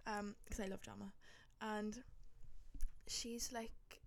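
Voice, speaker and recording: A woman's voice: mid-range voice, little pitch movement, slow pace, creaky. A young woman, telling a dramatic travel story in casual chat, full of swearing and fillers. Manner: swears a lot, dramatic, lots of likes. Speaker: podcast host.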